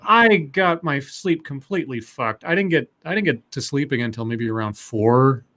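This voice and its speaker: A tired man co-hosting a podcast, telling a story in a rambling way with many halting restarts. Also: mid-range voice, animated, fairly bright tone. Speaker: podcast co-host. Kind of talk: casual storytelling chat.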